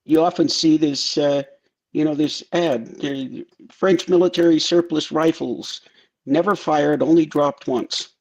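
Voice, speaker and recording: A man co-hosting a casual chat, telling jokes with halting starts. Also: a little high, steady tone, a little mellow, muffled recording.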